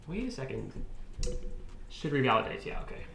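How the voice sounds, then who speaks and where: A man's voice: mid-range voice, sing-song, normal speed, gravelly, sharp tone. A man streaming live as he codes, thinking aloud and muttering to himself, with sudden exasperated outbursts. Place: room at a computer, keyboard clicks. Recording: echoey room, faint noise.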